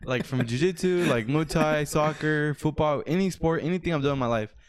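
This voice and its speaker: Young man in his twenties, casual chat, slightly higher voice, animated, swears and says bro. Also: brisk. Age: 20s. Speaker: storyteller.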